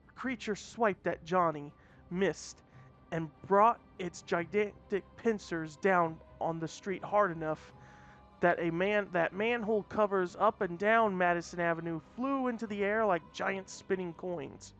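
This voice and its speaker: A man's voice: high voice, unhurried, fairly bright tone. A man reading a story aloud in a casual way, often restarting mid-phrase. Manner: plain reading with frequent restarts. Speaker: story reader. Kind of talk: casual read-aloud narration. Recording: dull lo-fi audio, faint music.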